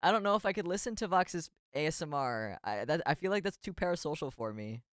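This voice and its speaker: A man's voice: a little high, lively intonation, fast, a bit bright, no echo, studio quality. A man streaming as a VTuber in casual chat, rambling and giggly with self-deprecating asides.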